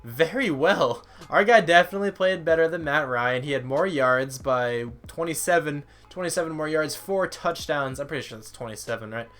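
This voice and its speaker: A tired young man, a gaming YouTuber, speaks at a moderate pace with few pauses in a slightly high, somewhat bright voice over soft background music. His rambling, self-deprecating commentary on a football video game includes reading out stats, and his voice sometimes cracks.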